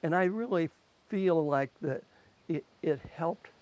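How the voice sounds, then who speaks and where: A man in his eighties speaking haltingly in a recorded interview, pausing often with fillers. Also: fairly high pitch, darkish tone.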